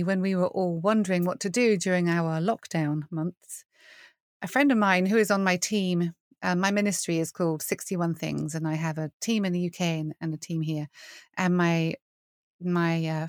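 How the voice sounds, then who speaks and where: A woman's voice: on the low side, no room sound, clean studio sound. A middle-aged British woman, a worship leader guesting on a podcast, telling stories with frequent laughter. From United Kingdom. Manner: animated storyteller, laughs often, acts out quoted voices. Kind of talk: conversational interview.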